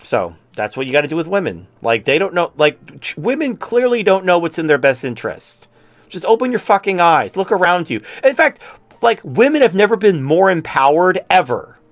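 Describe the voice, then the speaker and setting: A male host rants with profanity and biting sarcasm. His voice sits fairly high, and the recording is dry and close. Faint music runs underneath. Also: very animated, moderate pace, no echo. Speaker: show host. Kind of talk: opinion talk show.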